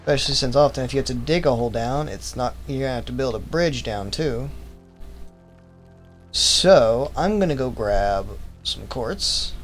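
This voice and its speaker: A man's voice: medium pitch, normal speed, soft background music. A man streaming a game, thinking aloud, rambling and correcting himself, teasingly calling his viewers his vamplings while he puts on an accent. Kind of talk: casual gaming commentary.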